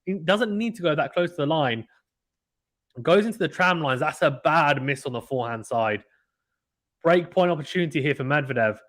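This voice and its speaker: A man giving casual, excitable play-by-play commentary of a tennis match from home, chatting with viewers between points. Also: a little high, moderate pace. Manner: chatty, excitable, reacts loudly to misses. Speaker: live stream commentator.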